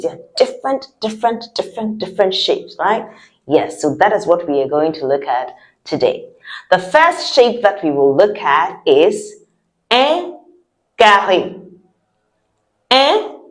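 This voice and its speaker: A woman teaching French words to children in a playful, coaxing, repeat-after-me style. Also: lowish voice. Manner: playful, sing-song, coaxing. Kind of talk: kids' repeat-after-me lesson.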